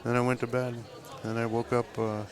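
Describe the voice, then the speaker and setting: A man's voice: medium pitch, completely flat delivery, a little fast. Rambling, swearing man over crowd noise. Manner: rambling, full of fillers and profanity. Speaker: tattoo artist guest. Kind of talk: live podcast interview storytelling. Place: live event at a tattoo convention. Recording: loud crowd chatter at a live event.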